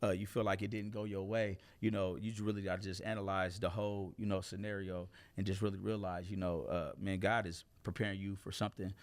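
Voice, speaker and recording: A man, a comedian, telling stories in a casual interview, animated and laughing, shouting at punchlines and dropping low and quiet when reflective. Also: quick pace, few pauses. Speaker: comedian guest.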